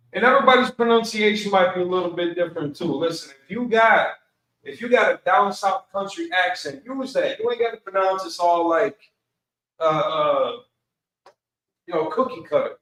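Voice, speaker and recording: A man teaches an online Bible class in a loose, casual way, dropping slang as he goes. His voice sits a little high and comes from away from the mic. The room around him is echoey. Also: expressive, normal speed, a bit bright, distant mic. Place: Milwaukee, Wisconsin.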